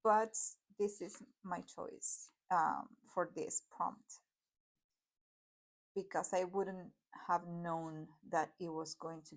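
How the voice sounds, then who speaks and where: A chatty tarot YouTuber from Argentina reviews her decks in English, speaking with an Argentine Spanish accent since Spanish is her first language. Her fairly low voice rambles through the casual vlog, peppered with fillers and quick apologies.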